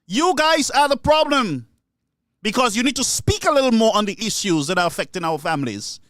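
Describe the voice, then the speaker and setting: A man with a Caribbean English accent rants indignantly about politics as a solo commentator, repeating himself throughout his opinion monologue. His high, expressive voice is brisk with a fairly bright tone, and the clean studio recording has no room sound.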